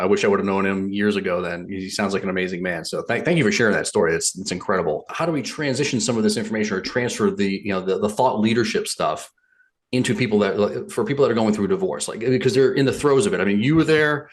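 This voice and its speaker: A man's voice: on the low side, quick pace. A man hosting a podcast interview, chatting casually and stumbling over restarts and repeated words. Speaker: podcast host.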